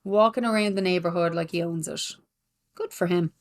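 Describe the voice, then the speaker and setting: A woman's voice: fairly low pitch, brisk. A woman co-hosting a podcast in casual chat, chatty and agreeable, laughing easily. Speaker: podcast co-host.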